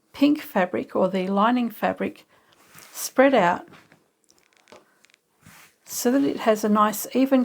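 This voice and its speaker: A woman's voice: on the high side, creaky. A woman hosting a sewing tutorial, chatty and thinking aloud step by step as she works. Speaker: sewing channel host.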